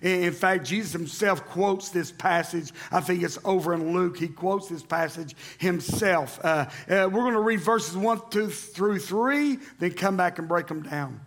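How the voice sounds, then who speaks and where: High, gravelly preacher. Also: male voice, measured pace, few pauses. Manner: animated preaching, rising to loud emphatic calls to the congregation. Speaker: pastor. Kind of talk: sermon. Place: church sanctuary.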